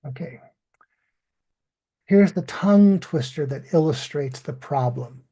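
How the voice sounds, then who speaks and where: Man, English teacher, online lesson, very slow careful delivery, husky mellow tone. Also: fairly high pitch, animated. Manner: slow, deliberate, drawn-out model pronunciation.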